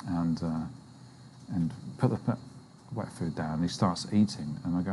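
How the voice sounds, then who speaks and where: A man co-hosting a casual chat, telling an animated story and jumping his voice up high to quote other people. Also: a little slow. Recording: noisy background.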